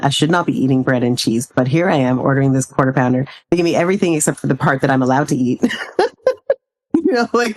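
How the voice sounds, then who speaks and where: Woman, podcast guest, low voice, measured and reflective, quick to laugh. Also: a little mellow. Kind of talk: casual chat.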